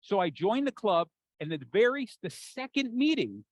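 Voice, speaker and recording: A man with an American accent giving an animated, jokey conference talk, acting out the voices in his head. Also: high-pitched, moderate pace, dry recording, low-quality recording. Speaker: keynote speaker. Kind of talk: conference talk to a live audience.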